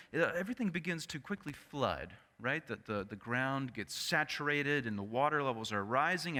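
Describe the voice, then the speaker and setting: A male pastor preaching a sermon in an animated storytelling manner, often turning to the congregation with asides. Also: fairly high pitch. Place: church sanctuary. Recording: echoey church sanctuary.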